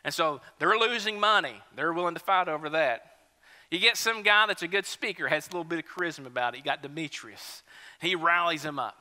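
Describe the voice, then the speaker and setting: A male pastor, preaching a sermon in a relaxed, conversational, storytelling way. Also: on the high side, fairly quick, big-room sound. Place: church sanctuary.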